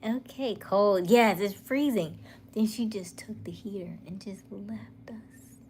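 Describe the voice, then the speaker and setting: Slow, chatty woman hosting a livestream. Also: medium pitch, a little mellow, slight background noise. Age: middle-aged. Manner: chatty, laughing, drops to whispers. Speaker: livestream host. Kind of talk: casual live chat reading comments.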